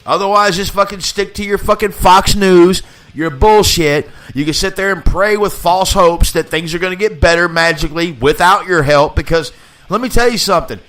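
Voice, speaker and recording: A man's voice: sits high, moderate pace, fairly bright tone. A man hosting a live talk show, ranting in a heated, profane way and repeating himself for emphasis. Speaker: podcast host. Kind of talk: casual profane political rant.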